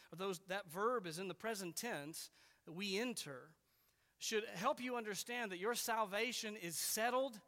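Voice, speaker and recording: A man's voice: sits high, pushed and bright, long reverb tail. A man preaching an expository sermon as pastor, earnest and emphatic, repeating key words for weight.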